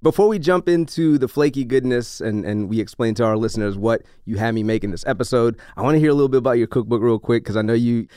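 A man's voice: medium pitch, fast talker, hardly any pauses, mellow, clean tone, no room sound, clean studio sound. A man with an American accent hosting a podcast, laid-back and joking, saying "man" and "bro" a lot. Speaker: host. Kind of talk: casual podcast chat.

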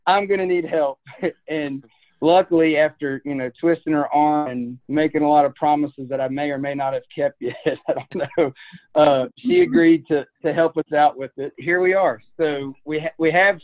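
A man's voice: on the high side, steady tone, normal speed. A man telling a rambling, laughing story about buying a horse, often repeating his words. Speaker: horse breeder. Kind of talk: casual storytelling. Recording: tinny phone-line sound.

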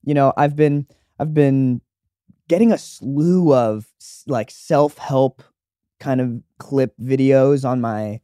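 Young guy hosting a podcast, rambly and laughing, warm voice, dead dry sound. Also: mid-range voice, takes it slowly, clean tone, no echo. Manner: rambling, laid-back, laughs while talking. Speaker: podcast co-host. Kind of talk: casual chat.

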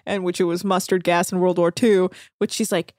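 A woman recapping a reality show in casual chat, animated and laughing often as she acts out quotes. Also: lowish voice, fairly quick, dry recording, clean studio sound.

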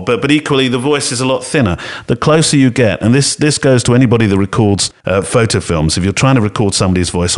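A man co-hosting a podcast in an echoey home studio room, talking in a chatty, rambling way with a smooth, velvety voice and frequent laughter. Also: on the low side. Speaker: podcast co-host. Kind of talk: casual podcast chat. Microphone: podcast mixing desk microphone.

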